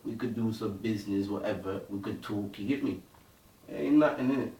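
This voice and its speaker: A man's voice: lowish voice, a little fast, mellow. A young man with a Bristol accent, an MC talking slang-heavy and rapping, tagging lines with "innit" and "you get me". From Bristol, England. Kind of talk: street talk and freestyle rap. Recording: roomy, distant from the mic.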